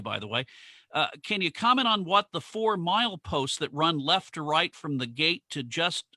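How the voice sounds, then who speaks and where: Bright-voiced man hosting a museum stream. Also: medium pitch, dry recording. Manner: friendly, conversational, reads out viewer questions. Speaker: museum livestream host. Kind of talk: hosting a live online Q and A.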